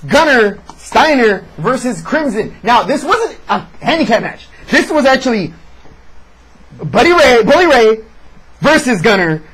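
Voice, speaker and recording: Casting: high, husky-voiced man, sarcastic wrestling podcast co-host, lively delivery. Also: a little slow, poor audio. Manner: sarcastic, animated recapping. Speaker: wrestling show reviewer. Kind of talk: casual podcast chat.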